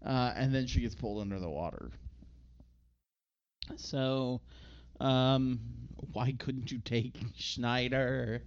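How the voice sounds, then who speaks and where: On a podcast, a male co-host recaps a movie in a rambling, casual chat, acting out the characters' lines in put-on voices. His medium-pitched voice is smooth and slow, with frequent pauses, and the recording sounds muffled.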